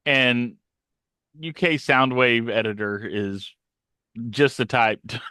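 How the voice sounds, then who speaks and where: A podcast co-host chats casually and jokingly about comics. His medium-pitched voice is slow, pushed and bright, clear and resonant, captured in a dry, studio-quality recording.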